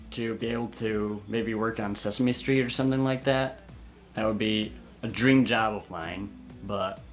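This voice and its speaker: A man's voice: medium pitch, a bit bright. Chatty young man answering fan questions. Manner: candid, chatty, hesitant fillers. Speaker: puppeteer and video maker. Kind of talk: casual Q and A vlog.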